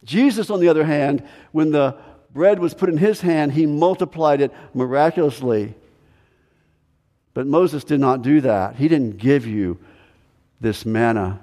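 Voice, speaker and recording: A man's voice: on the high side, measured pace, warm tone. A man preaching a sermon as pastor, emphatic, repeating key phrases for stress. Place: church sanctuary. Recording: echoey hall with long reverb.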